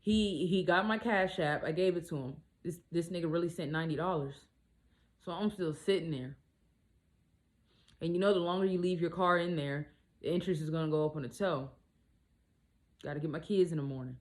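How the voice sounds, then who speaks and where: Brief: lower-voiced woman, casual storytime, blunt and animated delivery with cursing. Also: brisk, pauses often. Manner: animated, blunt, swears freely. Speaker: single mom vlogger.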